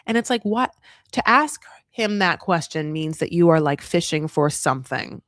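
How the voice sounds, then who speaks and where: A sassy, outspoken man recaps a reality show in an unfiltered way, with plenty of swearing. He bounces into a higher voice whenever he quotes someone. The sound is dry and close, with no room echo. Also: lively intonation, normal speed, a bit bright. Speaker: TV recap host.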